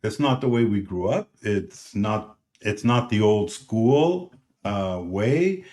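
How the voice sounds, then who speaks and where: A middle-aged man co-hosting a podcast in casual chat, blunt and loud, swearing constantly. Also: lowish voice, expressive, slow pace. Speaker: podcast co-host.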